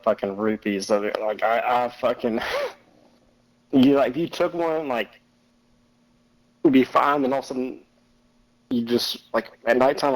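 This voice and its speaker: A man's voice: medium pitch, rough recording. A man in casual chat while gaming, trading a story in a laid-back, rambling way with some swearing. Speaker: gaming friend.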